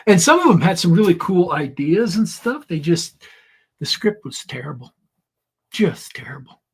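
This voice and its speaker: A man co-hosts a casual podcast chat and drops wry, joking comments. His voice is somewhat high, with a husky edge. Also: big pitch swings, normal speed. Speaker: podcast co-host.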